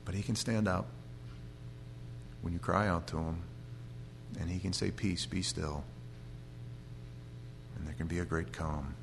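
Man, pastor, sermon, lowish voice, lively storytelling, faint hum. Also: normal speed, vocal fry, pauses often. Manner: animated storytelling with humor and restarts.

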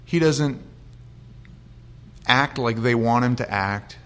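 A middle-aged man teaching from the Bible in a relaxed, conversational way. He reads scripture aloud, then unpacks it in plain, everyday language. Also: mid-range voice, slow. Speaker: pastor.

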